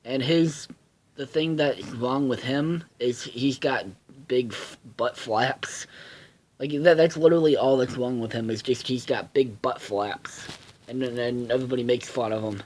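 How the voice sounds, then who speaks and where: A man's voice: mid-range voice, unhurried, darkish tone. A man casually reviewing a cartoon episode, swearing a lot and rambling with many fillers and restarts.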